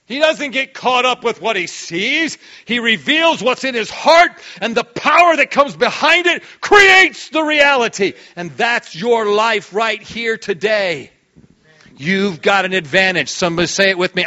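Give me a fiery male pastor preaching a sermon with a sharp, bright voice that jumps from quiet to shouting. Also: high voice, normal speed, lo-fi sound. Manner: energetic, swings from quiet to sudden shouts.

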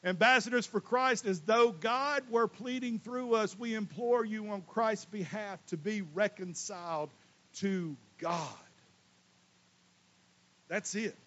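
A man preaching a sermon as pastor, swinging between loud emphatic lines and quiet asides. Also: high-pitched, slow, muffled recording. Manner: folksy, casual Southern US speech.

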